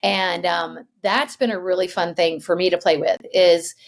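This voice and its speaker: A woman hosting a podcast, telling a story in a chatty, animated way and laughing as she goes. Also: fairly low pitch, moderate pace, gravelly. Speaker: podcast host. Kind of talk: casual storytelling.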